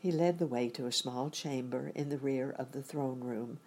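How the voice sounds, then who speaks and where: A woman narrating a children's story in a measured, expressive audiobook reading. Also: a bass voice, slight background noise.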